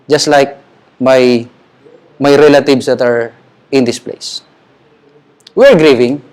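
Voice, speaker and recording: A man's voice: mid-range voice, fairly even intonation, slow pace, darkish tone. A middle-aged man with a Filipino accent preaching a sermon at a memorial, emphatic and grieving, switching between English and Tagalog. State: grieving, emotional. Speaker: pastor.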